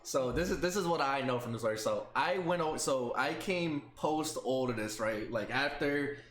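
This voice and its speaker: A young man as a podcast guest in casual chat, relaxed and teasing, often cutting in. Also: mid-range voice, moderate pace. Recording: echoey room with faint background noise.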